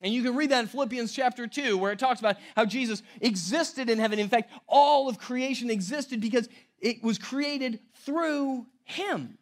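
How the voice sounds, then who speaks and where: A male pastor preaching a sermon, emphatic, swinging between loud stress and near-hushed lines. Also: extremely high pitch, moderate pace.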